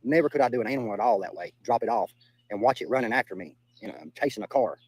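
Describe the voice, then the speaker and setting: Brief: young Southern US man, quick, blunt streamer, curses freely, repeats lines, mid-pitched voice. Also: darkish tone, breathy edge, dry recording, low-quality recording. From Southern United States. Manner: blunt, profane, repeats himself. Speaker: livestreamer reading chat. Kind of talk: casual livestream chat.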